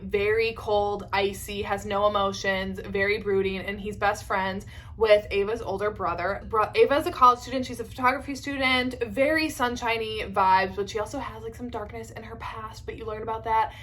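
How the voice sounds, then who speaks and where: A woman's voice: medium pitch, fairly bright tone. A young woman in her twenties talking casually on a vlog, gushing and filling her sentences with "like". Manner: chatty and gushing, many "like" fillers. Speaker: book vlogger. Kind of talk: casual chat. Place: indoors at home.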